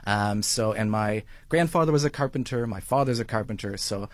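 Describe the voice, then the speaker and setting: A man, a radio guest talking in an easygoing, relaxed way. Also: lowish voice, brisk, no echo. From Finland, raised in Canada. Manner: easygoing, relaxed, uses fillers and "absolutely". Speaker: guest, sauna builder. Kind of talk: radio interview.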